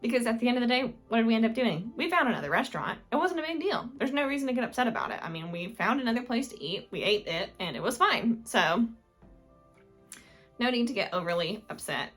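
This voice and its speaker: A woman's voice: on the high side, big pitch swings, fairly quick, fairly bright tone, faint music behind. A young woman vlogger giving casual advice to camera, chatty and rambling, with many fillers and self-corrections. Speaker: lifestyle vlogger.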